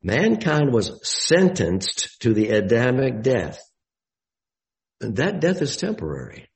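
A man giving a Bible study sermon, deliberate and explanatory, with emphatic rises on key words. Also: mid-range voice, wildly swooping pitch, creaky, poor audio.

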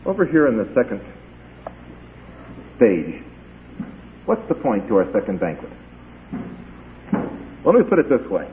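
Guy preaching, retells the story all lively, acts out the lines, sounds like it's coming through a phone. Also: on the low side, unhurried, long pauses, narrow, tinny audio, a little hiss or hum. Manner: animated storytelling, acting out characters' lines. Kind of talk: sermon.

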